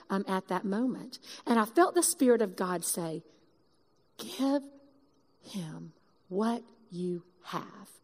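A woman giving a sermon, telling a personal story with lively, emphatic quoted dialogue. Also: fairly high pitch. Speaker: speaker giving a sermon testimony. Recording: long reverb of a large hall.

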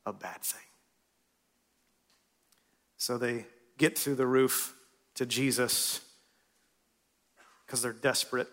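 A man preaching a sermon in a church, swinging from loud and lively to hushed and soft. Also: mid-range voice. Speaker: pastor.

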